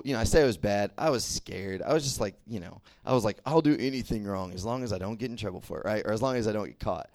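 A young man from the American South preaching in a loose, conversational way and checking in with the room with "right?" and "okay?". His voice sits low, and the sound is dry and close. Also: creaky, darkish tone, no echo. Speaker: youth preacher. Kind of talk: casual sermon to a crowd.

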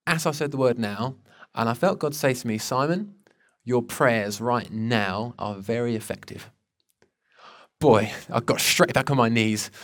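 Earnest man preaching a personal story. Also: mid-range voice. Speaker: pastor. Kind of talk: sermon.

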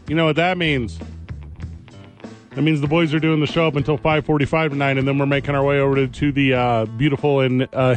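Hyped male sports radio host. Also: on the high side. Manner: energetic, hyped delivery. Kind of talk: casual sports radio chat.

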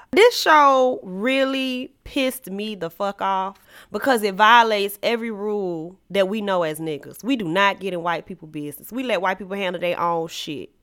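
A woman hosting a podcast, ranting about a TV show in a profane, dramatic way, swinging from shouting to low asides. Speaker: podcast host reviewing a TV show. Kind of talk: animated comedic rant.

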